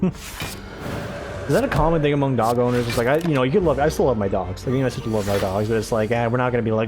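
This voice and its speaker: A man's voice: medium pitch, fast, music in the background. A man casually commentating his own game playthrough, rambling, tripping over his words and swearing offhandedly. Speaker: let's play host.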